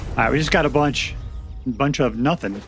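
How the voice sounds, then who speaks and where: A man's voice: medium pitch, moderate pace, a bit bright, soft background music. A man giving casual, joking commentary to himself as he plays a card game. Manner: chatty, joking, talks to himself while playing. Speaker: gameplay commentator.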